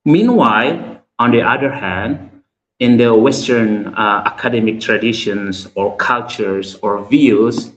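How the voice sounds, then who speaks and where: A man's voice: on the low side, takes it slowly, muffled recording. A man with a flu, a university English teacher asking a courteous question on a webinar call, with many fillers. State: stuffy with a flu. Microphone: video call. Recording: echoey room over a video call.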